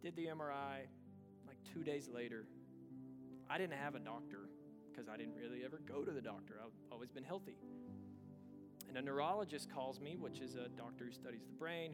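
A man's voice: medium pitch, brisk, over loud music. A man pastor preaching a sermon to a church, talking earnestly and conversationally and rising to intense swells. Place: church service.

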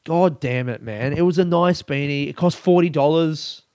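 A young man talks on his own podcast in a fairly high, lively voice. He rambles, swears freely and winds himself into mock fury. The recording is close and dry, with no room around it. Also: normal speed, no room sound. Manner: rambling, sweary, mock-angry with bursts of laughter. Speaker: comedian and podcast host. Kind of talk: casual solo podcast monologue.

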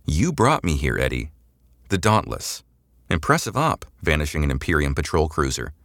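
A man's voice: extremely low pitch, very animated, normal speed, a bit bright, dry recording, studio quality, full character voice. A man voicing a cool, glib female imperial agent who interrogates a prisoner in a mock-casual way that turns cold and matter-of-fact. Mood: glib, taunting.

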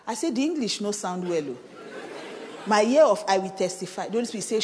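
A woman's voice: a little high, fast. Nigerian woman pastor preaching in a hall. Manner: animated storytelling, slipping into pidgin, laughing, rising to shouts. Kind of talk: sermon with personal testimony. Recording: reverberant conference hall.

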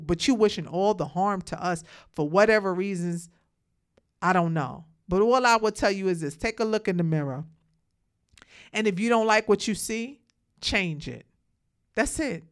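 A woman's voice: mid-range voice, normal speed, clean tone. Outspoken woman preaching to her viewers. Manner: outspoken, preachy, addresses listeners as "hunties". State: has the hiccups. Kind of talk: casual monologue to viewers.

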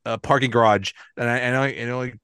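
A man hosting a casual sports podcast, relaxed and chatty, laughing often. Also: medium pitch, quick pace, smooth, dry recording, clean studio sound. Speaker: podcast host.

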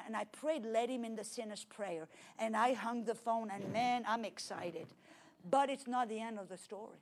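A middle-aged woman from France with a French accent, preaching a personal testimony with dramatic swings from loud to hushed. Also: on the high side. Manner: animated storytelling with dramatic swings in loudness. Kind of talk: testimony sermon.

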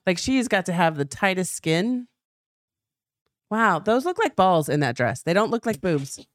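Blunt, lively woman podcast co-host. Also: on the low side, a little slow, no room sound, clean studio sound. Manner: blunt, opinionated, reads chat comments. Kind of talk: casual chat.

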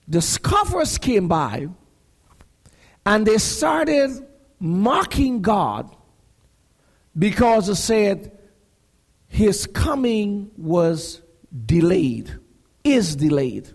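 A man preaching a sermon, building to shouts and asking the congregation questions. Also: sits high, big pitch swings, extremely slow, gravelly, pauses often. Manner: preaching with rising shouts and call-and-response questions.

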